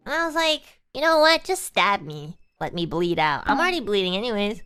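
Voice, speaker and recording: A young woman streamer casually telling a personal story, animated and exaggerated, acting out the people she quotes and laughing along. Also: medium pitch, a little fast, hardly any pauses, clean tone.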